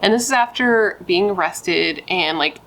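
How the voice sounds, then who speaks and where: A woman's voice: lowish voice, unhurried, vocal fry, a bit bright, rough recording. A young woman telling a true crime story in a casual, blunt way, chatting and swearing with rambling asides.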